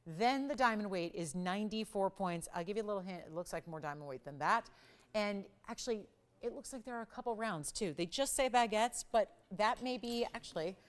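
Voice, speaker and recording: Female shopping-channel host, smooth resonant voice, upbeat chatty sales patter. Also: medium pitch. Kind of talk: live home shopping sales pitch.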